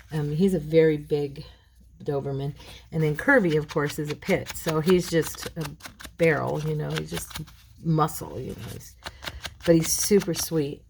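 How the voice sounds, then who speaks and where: A middle-aged woman hosting a crafting video at home, chatting casually and rambling between tasks, clearing a frog in her throat. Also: sits low, a little mellow, slight background noise, poor audio. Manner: rambling, chatty, addresses viewers as girls. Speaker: craft channel host.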